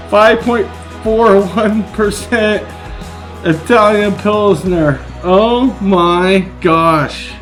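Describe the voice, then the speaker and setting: A middle-aged man talks through a casual unboxing vlog, often breaking into excited exclamations. His voice sits a little high for a man, and he speaks in a slow, drawn-out way. Faint guitar music plays behind him. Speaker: vlogger.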